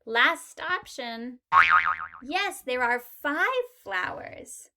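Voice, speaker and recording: A woman's voice: high-pitched, animated, extremely slow, pushed and bright. A woman teaching a beginner English lesson, modelling short sentences patiently and stressing key words. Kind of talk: slow, clear language lesson.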